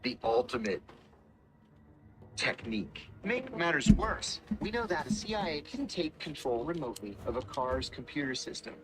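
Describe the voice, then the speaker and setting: A middle-aged man, a former intelligence officer, telling stories in a measured, dramatic way and acting out the quotes. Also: medium pitch, sing-song. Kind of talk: storytelling interview talk.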